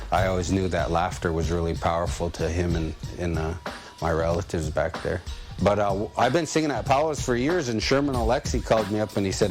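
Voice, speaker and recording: A man telling stories about his singing career in a relaxed, anecdotal way. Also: sits low. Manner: relaxed, anecdotal, some repeats. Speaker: singer and storyteller. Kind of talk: storytelling talk. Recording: music playing underneath.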